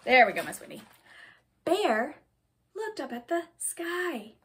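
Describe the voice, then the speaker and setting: Slow, high-voiced woman reading to kids. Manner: sing-song, animated, exaggerated sound effects. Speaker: children's story time host. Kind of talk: reading a picture book aloud to children.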